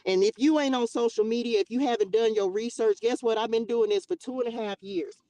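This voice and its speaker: A woman hosting a livestream, preaching in an emphatic, animated way, laughing often and firing off rhetorical questions. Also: fairly high pitch, brisk, no room sound. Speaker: livestream host. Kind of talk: passionate preaching rant on a livestream.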